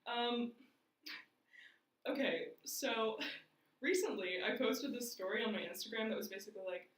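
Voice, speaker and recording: A young woman telling stories in a casual chat, animated and often laughing. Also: fairly high pitch, moderate pace. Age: young adult. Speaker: guest. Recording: echoey room from a distance.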